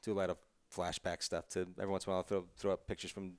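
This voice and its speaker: A man's voice: sits low, level tone, rapid-fire, darkish tone, no echo. A man, a TV writer, talking casually in an interview, rambling and interrupting himself, laughing easily. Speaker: TV writer, podcast guest.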